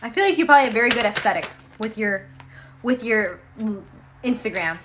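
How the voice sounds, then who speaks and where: Chatty young woman, bright voice. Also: a little high, lively intonation, brisk, slight background noise. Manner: casual, chatty, calls viewers babe. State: tired, yawning. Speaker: tarot reader. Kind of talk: live-stream tarot reading.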